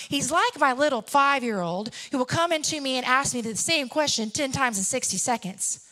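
A woman's voice: sits high, animated, normal speed, hardly any pauses, pushed and bright. A woman in her thirties preaching a sermon, telling stories and acting out the characters. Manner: storytelling, acts out characters.

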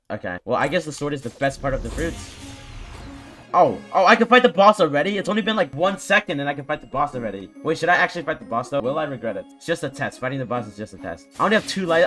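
A man giving excitable, chatty gameplay commentary and teasing other players in a playful way. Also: on the high side, fast, soft background music. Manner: excitable, chatty, playful mock trash talk. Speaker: gaming YouTuber.

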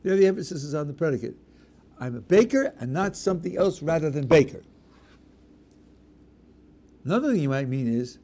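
A rabbi gives an emphatic Q&A lecture in a fairly high, mellow voice. He explains with worked examples and leans hard on key words. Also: expressive, fairly quick. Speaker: rabbi answering questions.

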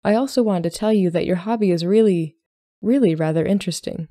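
A woman voicing a reserved, solemn young Regency gentleman who speaks plainly and politely. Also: medium pitch, brisk, no echo, clean studio sound, lightly acted. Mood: earnest.

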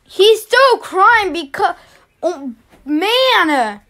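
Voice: very high voice, big pitch swings, drawn-out words, sharp tone. A reaction video host giving casual commentary, stammering and swearing in exasperation.

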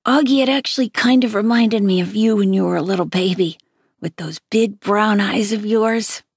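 A woman reading the part of a gentle mother who coaxes her son patiently. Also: medium pitch, moderate pace, gravelly, slightly rough, no echo, clean studio sound. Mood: coaxing. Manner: coaxing, patient.

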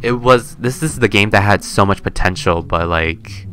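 Bright-voiced chatty young man gaming. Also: on the low side, normal speed. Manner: chatty, excitable, gasps and squeals when scared. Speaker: gaming YouTuber. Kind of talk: casual let's-play commentary. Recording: faint game music behind.

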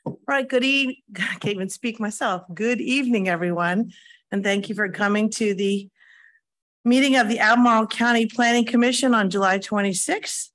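A woman chairing a county planning commission meeting, moving through the agenda in a relaxed, slightly halting way. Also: a little high.

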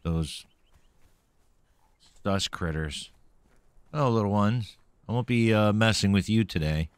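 A man's voice: lowish voice, takes it slowly, smooth, no echo. A man streaming a video game, playfully talking to himself and taunting the enemies he meets, a little caffeinated. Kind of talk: let's-play gameplay commentary.

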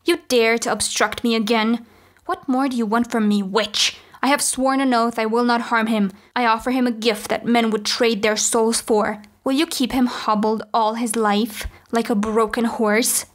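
A woman's voice: on the high side, fairly even intonation, moderate pace, close to an everyday voice. A woman voicing a proud, wrathful goddess who speaks in a cold, imperious, biting way.

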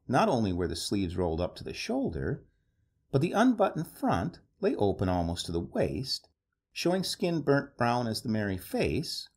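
A man narrating a story aloud in an expressive, animated reading style. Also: medium pitch, breathy edge.

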